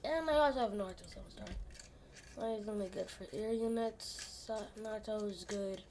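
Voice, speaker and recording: A young woman gaming streamer giving excited live commentary on her game, swearing often and dropping to mutters. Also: medium pitch, moderate pace, noisy background. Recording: keyboard clicks and typing behind voice.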